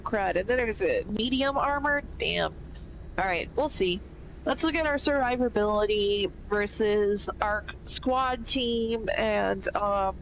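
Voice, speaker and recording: Woman streaming a game, slow and creaky, stuffy nose, rambly. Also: medium pitch, slight background noise, poor audio. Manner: thinks aloud, rambling with fillers. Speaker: gaming streamer. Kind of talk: casual game commentary.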